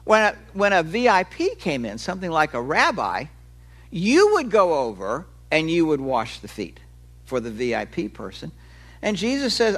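A man's voice: a little high, huge pitch swings, normal speed, a bit bright. A male preacher giving a sermon in a conversational way. He explains with everyday examples and stretches key words for emphasis.

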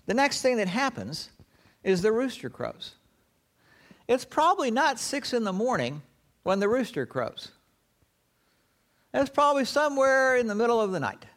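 Animated, high-voiced male preacher. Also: normal speed, long pauses. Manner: dramatic storytelling, dropping to hushed low tones. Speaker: pastor. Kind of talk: sermon.

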